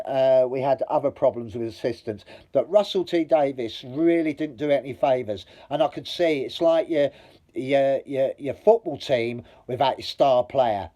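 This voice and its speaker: Talking straight into the camera, a man vlogs a blunt, meandering review full of swearing, his argument getting hotter as he goes. The voice is a dark, mellow one at an ordinary middle pitch.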